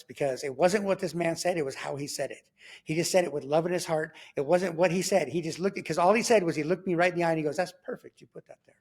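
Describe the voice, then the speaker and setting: A man telling his faith testimony in casual, animated storytelling, acting out what he and others said and checking in with the listener. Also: fairly high pitch. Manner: animated, acts out his own quoted remarks. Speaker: guest sharing a faith testimony.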